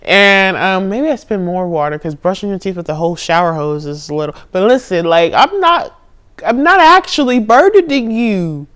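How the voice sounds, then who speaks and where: A woman's voice: mid-range voice, expressive, moderate pace. Candid young woman venting into her phone. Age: young adult. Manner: candid, profane, swings between murmuring and loud outbursts. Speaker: spiritual vlogger. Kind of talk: confessional vlog monologue. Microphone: phone camera.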